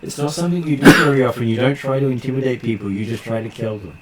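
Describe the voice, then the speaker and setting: A man narrating as game master of a tabletop game, pausing often on fillers as he describes the scene. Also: medium pitch, over a noisy crowd. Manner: halting, many filler pauses. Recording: echoey room with faint noise.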